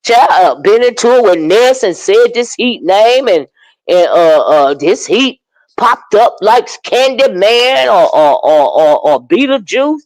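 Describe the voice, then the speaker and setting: A man hosting a casual livestream, chatting about online drama and greeting viewers in the chat with drawn-out exclamations. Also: mid-range voice, lively intonation, no room sound, rough recording. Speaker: livestream commentary host. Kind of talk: casual livestream gossip commentary.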